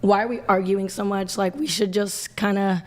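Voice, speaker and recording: A woman's voice: medium pitch, steady tone, moderate pace. A woman with an ordinary mid-range voice talks casually, with many fillers and loose, rambling sentences. She is a guest on a panel. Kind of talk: casual chat.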